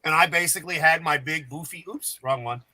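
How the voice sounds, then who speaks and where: Man, rambling profane storyteller, brightly forceful voice, somewhat high. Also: a little fast, no echo, rough recording. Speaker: podcast panel guest. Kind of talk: casual storytelling chat.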